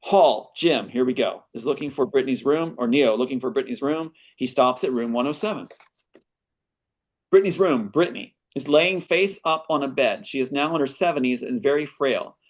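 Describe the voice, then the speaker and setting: A screenwriter reading his screenplay aloud as a guest, breaking off with earnest asides. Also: medium pitch.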